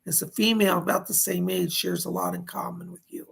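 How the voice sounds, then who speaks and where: A man hosting live psychic readings. He relays spirit messages with a steady "he said", and he reads viewer donations aloud and thanks each viewer. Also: high voice, fairly quick, vocal fry, breathy edge. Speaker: psychic medium host.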